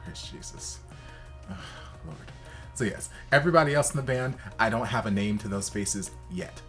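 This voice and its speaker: A man hosting a reaction video in casual, campy commentary, leaping into high exaggerated exclamations. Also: brisk, fairly bright tone, faint music behind.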